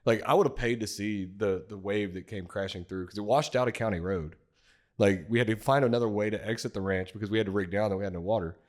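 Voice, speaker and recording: Low-voiced man telling work stories. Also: fast talker. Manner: rambling anecdotes, acts out quoted voices, laughs readily. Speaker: podcast co-host, former frac field worker. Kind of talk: casual storytelling chat.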